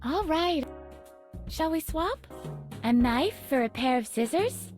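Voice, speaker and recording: Plucky young asylum escapee Edna. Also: female voice, high-pitched, animated, takes it slowly, darkish tone. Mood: playful. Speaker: game protagonist. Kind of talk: video game voice acting. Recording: game audio with faint music.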